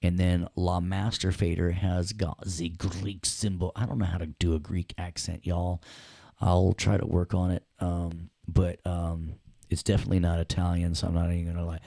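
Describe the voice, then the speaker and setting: A deep, gravelly man walks students through audio software in a loose, chatty lesson. He jokes and checks in with the class as he goes. The sound is dry and close. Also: level tone, moderate pace, no room sound. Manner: chatty, jokey, addresses students directly. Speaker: audio production instructor. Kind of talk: casual screen-share software lesson.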